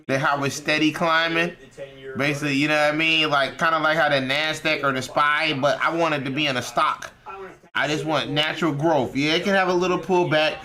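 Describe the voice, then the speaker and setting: A man's voice: a little high, bright, forceful tone. A man live-streaming while trading stocks, talking in a casual, profane and rambling way.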